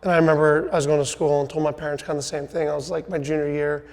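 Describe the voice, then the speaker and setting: Middle-aged man with a slightly high voice, coaching. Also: flat delivery, very fast, darkish tone, big-room sound. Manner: coaching, fond of "right?" and "you know". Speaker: podcast host, sales team leader. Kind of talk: casual podcast interview.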